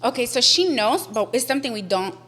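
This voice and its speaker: Young woman, bright tone, animated storyteller, curses freely, drops into Spanish. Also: a little high, fairly quick, slightly rough. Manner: animated, swears often, switches into Spanish. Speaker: podcast guest. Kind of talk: casual storytelling.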